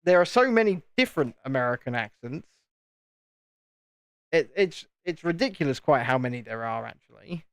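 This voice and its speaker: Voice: medium pitch, animated, moderate pace, no room sound, clean studio sound. A speaker with a Southern English home counties accent, hosting a live stream and chatting casually while building, often repeating words. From England, home counties. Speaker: livestream host.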